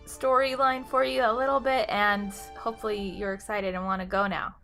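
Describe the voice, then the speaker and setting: A woman's voice: medium pitch, fairly even intonation, normal speed, vocal fry, fairly bright tone, soft background music. A woman co-hosting a podcast, chatting agreeably. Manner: agreeable, brief. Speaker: podcast co-host. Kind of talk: casual podcast chat.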